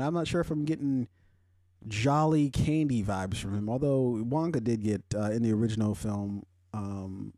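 A man hosting a podcast in casual solo commentary. He rambles and swears, uses a lot of fillers, and his pitch jumps high when he gets worked up. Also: mellow, no echo, clean studio sound. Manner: rambling, profane, heavy on fillers. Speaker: podcast host.

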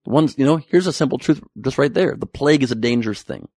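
A man's voice: mid-range voice, animated, fast, darkish tone, dry recording, studio quality. A man delivering an exasperated, sarcastic comedic rant.

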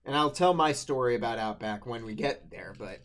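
A young man co-hosting a podcast in casual chat, animated and laughing easily, with stammering restarts. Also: mid-range voice, a little fast. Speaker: podcast co-host.

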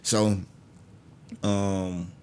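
A man from Augusta, a comedian telling stories in a casual, animated way and acting out the people he quotes. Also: drawn-out words, slight background noise. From Augusta, Georgia, US. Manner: animated, acts out quoted people with big pitch jumps. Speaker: stand-up comedian guest. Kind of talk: casual storytelling.

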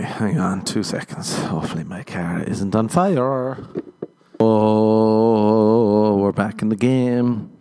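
A man with an Irish accent riffs through a comedic podcast monologue. His voice sits fairly low, and his delivery is dry and self-mocking, broken up by frequent laughs. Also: dark tone, clean tone. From Ireland. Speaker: podcast host.

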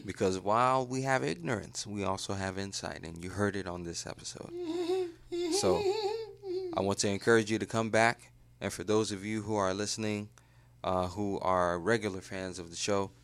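A man's voice: fairly low pitch, normal speed, a bit bright. A man hosting a podcast, earnestly thanking listeners and urging them to share the show. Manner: earnest, hype-man sign-off. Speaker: podcast host. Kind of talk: podcast outro address.

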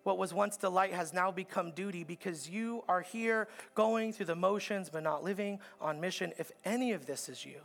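A pastor preaching a sermon in a church, with an earnest, repetitive cadence that builds to emphatic peaks. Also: male voice, high-pitched, moderate pace, creaky, few pauses, fairly bright tone, faint music behind. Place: church auditorium.

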